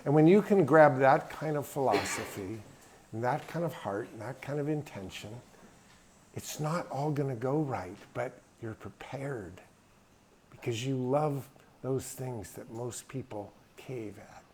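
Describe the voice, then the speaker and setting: A man's voice: medium pitch, a little slow, darkish tone. Brief: middle-aged man, folksy drawling storyteller, faint room hum behind. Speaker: guest speaker. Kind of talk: storytelling talk. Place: hangar.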